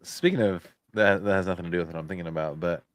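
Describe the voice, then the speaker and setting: Male podcast co-host, low voice, casual rambling storyteller, dry studio sound. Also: fast talker, no echo. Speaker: factory worker. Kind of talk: casual chat.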